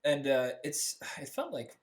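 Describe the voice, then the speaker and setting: A man's voice: fairly high pitch, sing-song, unhurried. A young man from Wisconsin with a Midwestern accent, a guest on a podcast, chatting eagerly and reacting with surprise. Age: young adult. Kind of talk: casual chat. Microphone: podcast microphone.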